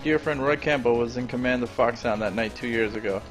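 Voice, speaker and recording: A man reading aloud the lines of a vengeful, scheming male commander from a video game, in a plain, flat reading voice over faint game music. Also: mid-range voice, fairly quick, lightly acted, rough recording. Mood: menacing. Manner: reads villain dialogue aloud flatly.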